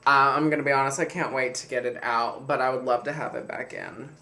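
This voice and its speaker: A man's voice: medium pitch, animated, a little fast, sharp tone, a little hiss or hum. A man chatting casually and candidly to camera as a vlogger, jokey and easily sidetracked. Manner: chatty, candid, jokey, drifts off mid-sentence.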